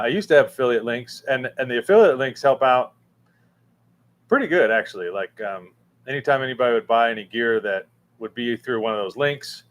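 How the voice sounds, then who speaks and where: Casual livestream host, male, middle pitch, halting and rambling, lots of fillers. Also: fairly bright tone. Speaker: livestream host answering chat. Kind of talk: casual live chat. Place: room with a fan running.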